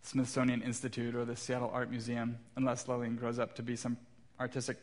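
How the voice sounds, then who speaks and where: A man in his thirties, a pastor, preaches a sermon in a church sanctuary and tells stories about his young kids with light self-deprecating humor. His mid-range voice moves briskly, and his delivery is completely flat.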